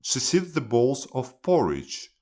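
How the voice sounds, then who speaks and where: A man reading a children's storybook aloud in a clear, expressive manner. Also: medium pitch, slow.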